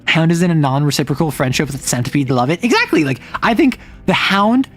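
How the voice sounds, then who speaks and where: A man streaming casually, chatting in an excitable way with quick asides. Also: a little high. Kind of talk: casual livestream chat.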